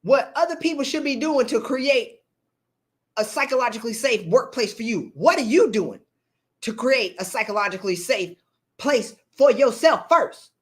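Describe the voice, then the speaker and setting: A woman coach, talking bluntly to viewers on a live stream and preaching at them with animated energy. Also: a little high, moderate pace. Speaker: leadership coach. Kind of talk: live-stream motivational talk.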